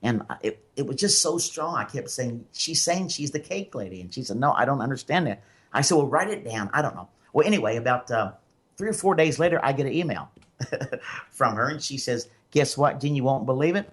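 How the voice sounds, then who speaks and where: A man's voice: mid-range voice, lively intonation, a little fast. A man from Memphis with a Southern accent, hosting a call-in radio show as a psychic medium and telling stories in a rambling way with many fillers. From Memphis, Tennessee.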